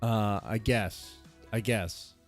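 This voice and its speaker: A man's voice: lowish voice, takes it slowly, faint music behind. Rambling male streamer chatting casually. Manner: rambling, restarts often. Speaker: streamer reacting to a debate. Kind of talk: casual live-stream commentary.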